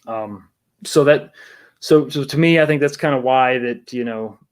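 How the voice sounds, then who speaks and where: A man's voice: medium pitch, measured pace, smooth. A man hosting a casual livestream talk show, rambling with many restarts and greeting viewers in the chat.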